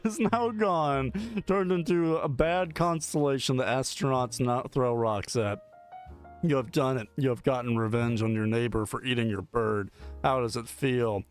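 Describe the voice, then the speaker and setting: A male streamer playfully reading a text adventure game aloud, often laughing. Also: medium pitch.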